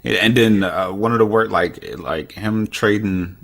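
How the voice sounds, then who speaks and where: A man's voice: fairly low pitch, unhurried, creaky. A man co-hosting a casual sports talk podcast, rambling with frequent fillers and restarts. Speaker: podcast co-host.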